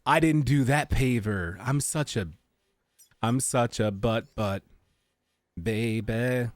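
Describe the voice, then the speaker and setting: A man's voice: medium pitch, slow. A man streaming a video game, making jokey, rambling comments with goofy asides. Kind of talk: casual gameplay commentary.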